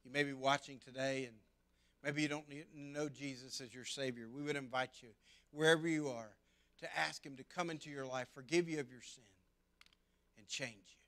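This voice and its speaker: A man preaching a sermon as pastor, earnest, swinging between loud emphasis and hushed tones. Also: medium pitch, fairly even intonation, normal speed.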